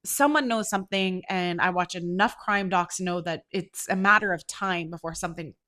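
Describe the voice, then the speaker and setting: A woman's voice: lowish voice, normal speed. Congested woman telling a heated story. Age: 40s. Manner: animated, swearing, rising to loud outrage. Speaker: podcast host. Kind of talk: casual storytelling.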